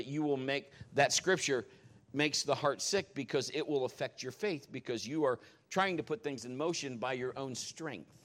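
A man preaching a sermon, telling stories in a jokey, animated way. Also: mid-range voice.

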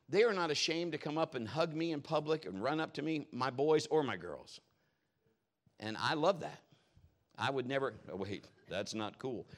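A middle-aged man preaching a humorous sermon in a church, animated and jokey, laughing often and swinging between loud and soft. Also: fairly high pitch. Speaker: pastor.

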